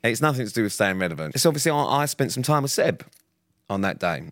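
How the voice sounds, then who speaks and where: A man's voice: mid-range voice, lively intonation, fast, no room sound, studio quality. A young English man co-hosting a podcast, telling stories in casual chat and swearing freely as he teases his friend. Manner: sweary, storytelling, teasing. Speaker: podcast co-host.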